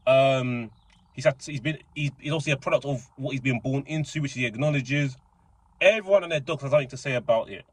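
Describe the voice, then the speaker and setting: Young man, casual commentary, excitable, slangy, rambling, middle pitch. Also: fast talker. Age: young adult. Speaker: reaction channel host.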